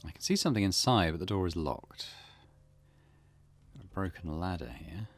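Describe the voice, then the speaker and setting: A man hosting a let's play, reading in-game notes aloud and muttering relaxed asides as he explores. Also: deep voice, normal speed, faint music behind. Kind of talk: gameplay commentary.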